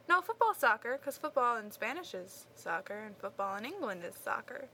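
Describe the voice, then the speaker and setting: A woman's voice: a little high, very animated, a little fast, bright, forceful tone. A young woman co-hosting a podcast, reading listener mail in a giggly, playful casual chat. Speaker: podcast co-host.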